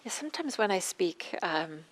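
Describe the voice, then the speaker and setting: A woman meditation teacher giving a dharma talk, speaking gently with pauses and a slightly scratchy throat. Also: medium pitch, sing-song. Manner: gentle, soft-spoken with frequent pauses and fillers.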